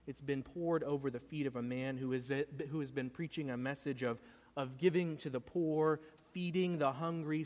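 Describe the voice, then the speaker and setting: A man's voice: on the high side, in a large hall. A man preaching a sermon, retelling a story in an earnest way and often repeating words as he goes. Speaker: pastor.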